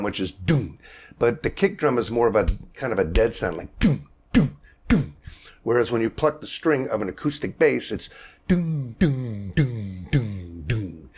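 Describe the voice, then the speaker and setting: An older man with a fairly low voice leads a vocal jazz masterclass. He explains at an easy pace, pausing on fillers, then breaks into sung bass syllables to show each technique. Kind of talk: masterclass lesson with sung demonstrations.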